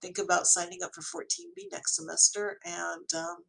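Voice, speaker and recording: An ESL teacher speaking in a recorded online lecture, with a gravelly edge to the voice. The delivery is encouraging and friendly, with small fillers between thoughts. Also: mid-range voice, very animated, moderate pace, fairly bright tone.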